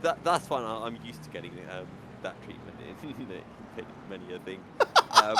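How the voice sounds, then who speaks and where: A male race commentator with a mid-range voice, walking through positions and gaps in a chatty, easygoing way and laughing readily. Clear background noise runs under his voice throughout. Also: mid-range voice, big pitch swings, normal speed. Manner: chatty, laughs easily, breaks down the race order. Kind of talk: sim racing commentary.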